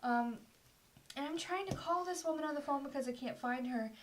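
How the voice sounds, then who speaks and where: A young woman with a slightly high voice, chatting casually on a podcast. She tells her stories with animation and swears freely, slipping into the voices of the people she quotes. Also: brisk, a little hiss or hum. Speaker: podcast co-host. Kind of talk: casual storytelling chat.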